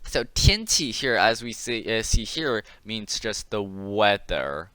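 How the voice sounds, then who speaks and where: A man leads a casual online language class, repeating each word slowly so his students can follow. His voice sits a little low but comes across bright and crisp. The sound is dry and close. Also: sing-song, no room sound. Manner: casual, drills pronunciation, repeats words slowly. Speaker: Chinese teacher.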